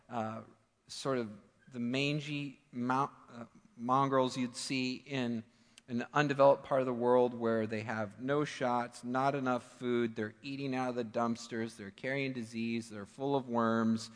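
Pastor, male, mid-pitched, conversational but emphatic sermon delivery, church sanctuary with long reverb. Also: steady tone, a little slow, fairly bright tone. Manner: conversational, emphatic preaching with asides.

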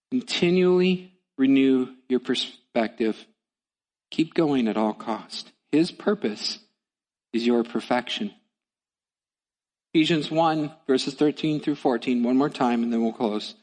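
A man's voice: medium pitch, darkish tone, big-room sound. A male pastor preaching a sermon in a church, with an emphatic, repetitive cadence.

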